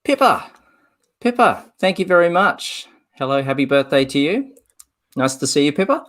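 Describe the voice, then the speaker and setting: A man's voice: fairly high pitch, normal speed, a bit bright. A man from Australia co-hosting a casual livestream, upbeat and self-deprecating. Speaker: co-host, guest.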